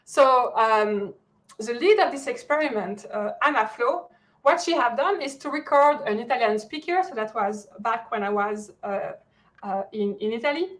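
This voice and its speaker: In a low-quality recording, a woman's slightly high, expressive voice moves at a moderate pace. She is a French guest lecturer with a French accent giving an academic lecture via video call, repeatedly searching for words with many fillers and restarts.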